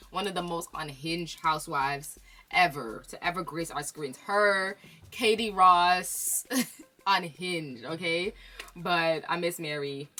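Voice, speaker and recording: A young woman hosting a casual reality TV chat, opinionated and animated, laughing often and peppering her talk with "like". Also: fairly low pitch. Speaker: YouTube host.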